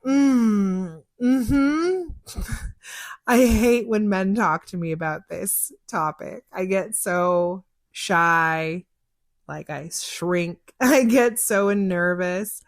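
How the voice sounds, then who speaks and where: Answering listener questions from a car, a young psychic podcast host chats openly about her work, laughing frequently and acting out conversations with people. She speaks slowly in a voice on the low side for a woman, and the recording is close and dry with no room sound.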